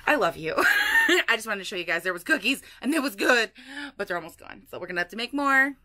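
A woman's voice: on the high side, wildly swooping pitch, fast, sharp tone. A young woman vlogging from her car, talking casually and playfully, cooing in baby talk to her dog, recorded on a phone mounted on the dashboard. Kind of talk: casual vlog chat. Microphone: phone on a dashboard tripod. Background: car and road noise.

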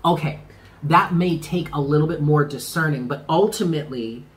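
A man giving a casual tarot reading to the camera, talking in an animated, slangy way with swearing and laughs. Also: fairly high pitch, moderate pace. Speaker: tarot reader.

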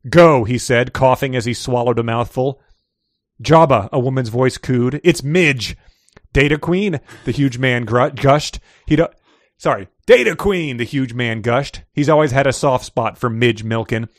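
A man's voice: medium pitch, moderate pace, no echo, studio quality. A man co-hosting a casual podcast, reading fiction excerpts aloud with light character voices and frequent laughter.

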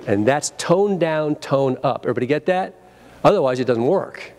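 In a convention seminar room, a lively sales trainer presents a live training seminar at normal speed in a slightly high voice. Full of energy, he acts out phone greetings and leads the audience in call-and-response.

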